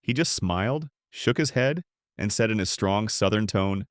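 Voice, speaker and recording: Low-voiced man reading a devotional audiobook. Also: animated, no room sound, clean studio sound. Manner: measured, reflective storytelling. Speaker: pastor reading his own book. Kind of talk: scripted audiobook narration.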